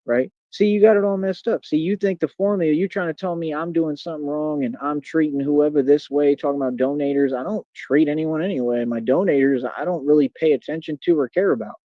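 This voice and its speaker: A man's voice: a little high, a little fast, hardly any pauses, no echo. A man hosting his own live stream, taunting his critics in a combative, repetitive way. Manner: combative, taunting, repeats catchphrases. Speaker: livestream host. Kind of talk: casual live-stream rant. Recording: dull, dry home stream audio.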